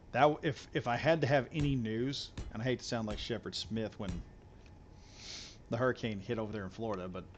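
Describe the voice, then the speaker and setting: A man's voice: mid-range voice, muffled recording, slight background noise. Rambling man live streaming. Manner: rambling, repeats himself, talks straight to viewers. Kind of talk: casual live stream chat while gaming.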